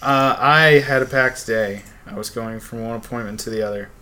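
A man's voice: medium pitch, moderate pace, sharp tone. A man co-hosting a casual gaming podcast, chatty and easygoing as he describes games he saw. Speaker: podcast co-host.

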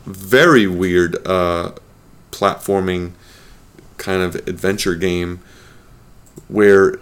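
A man's voice: low voice, fairly even intonation, extremely slow, clean tone. A man co-hosting a casual gaming podcast, loose and profane, prone to playful rants. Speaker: podcast co-host.

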